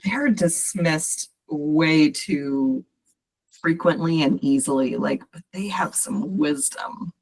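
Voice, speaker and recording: A woman's voice: deep voice, lively intonation, slow, gravelly, a little mellow, husky. A woman hosting a podcast as a coach, talking casually and encouraging her listeners directly.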